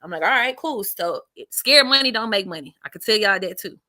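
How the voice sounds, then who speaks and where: Animated, slangy woman telling stories. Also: medium pitch, fairly quick, dry recording. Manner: animated, slangy, acts out quotes in raised voice. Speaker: comedian guest. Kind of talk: storytelling in a casual interview.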